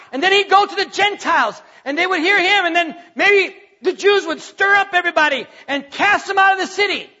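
High, bright-voiced man preaching in a hall. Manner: emphatic preaching with rising rhetorical questions. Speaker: pastor. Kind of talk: sermon. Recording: long hall reverb, dull lo-fi sound.

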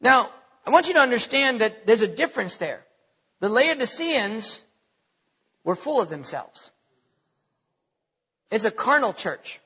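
A man's voice: extremely high pitch, bright, forceful tone, breathy edge. A man preaching a sermon as pastor, emphatic, repeating his points, with many fillers. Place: church sanctuary. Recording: lo-fi with long hall reverb.

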